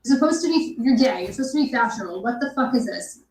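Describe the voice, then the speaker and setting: A woman's voice: fairly high pitch, expressive, fast, a little mellow, very echoey, rough recording. Scornful, profane woman mocking someone. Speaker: commentary host. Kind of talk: live reaction commentary.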